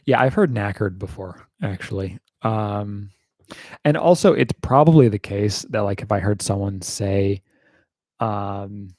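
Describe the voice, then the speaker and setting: An American YouTuber with a lowish, darkish voice drawls unhurriedly through a casual livestream Q&A. He rambles wryly, swears casually now and then, and uses lots of fillers like "um." The recording is close and dry, with no room sound.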